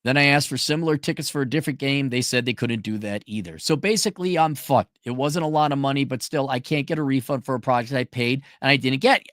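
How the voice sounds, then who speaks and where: A man's voice: mid-range voice, fast talker, hardly any pauses, fairly bright tone, no room sound, clean studio sound. A man ranting sarcastically and with exasperation as he reads out and mocks a viewer's letter in a commentary video. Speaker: commentary vlogger.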